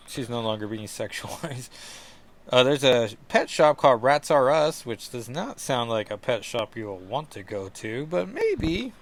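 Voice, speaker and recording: Man rambling through comic commentary. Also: medium pitch. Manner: rambling, jokey asides. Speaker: comic book podcast host. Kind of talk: casual commentary.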